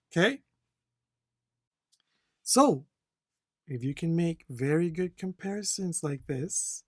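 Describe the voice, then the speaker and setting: A language instructor teaching test-takers, talking slowly and clearly and often checking in with "okay?". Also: mid-range voice, no room sound, studio quality. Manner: slow, deliberate, repeats "okay?" to check learners. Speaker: CELPIP instructor. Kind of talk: slow, clear teaching to learners.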